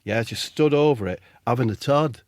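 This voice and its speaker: Deadpan man telling a rambling comic story. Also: medium pitch, normal speed, no room sound, clean studio sound. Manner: deadpan, swears casually. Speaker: comedy podcast co-host.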